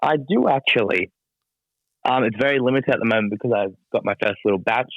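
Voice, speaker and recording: Deadpan male wrestler on dull audio. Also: mid-range voice, brisk, no echo. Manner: dry, self-deprecating humor. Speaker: pro wrestler guest. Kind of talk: casual interview chat.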